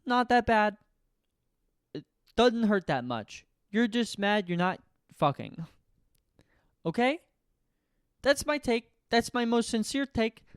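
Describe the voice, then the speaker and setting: A man's voice: very high-pitched, dry recording, clean studio sound. A male comedian working out a rambling comic monologue to camera, questioning himself and laughing at his own jokes.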